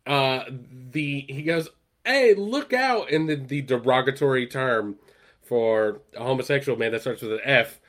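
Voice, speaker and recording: Male podcast co-host, mid-pitched, casual chat, rambling and filler-heavy, punches up the quoted lines. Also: a bit bright. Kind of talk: casual chat, retelling a TV episode.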